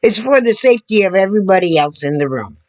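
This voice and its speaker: A woman talking slowly and earnestly to her camera, demonstrating as she explains, sitting several feet back from her computer mic. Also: mid-range voice, lively intonation, a little mellow, lo-fi sound. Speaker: vlogger. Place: indoor room at a computer. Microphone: computer mic several feet away.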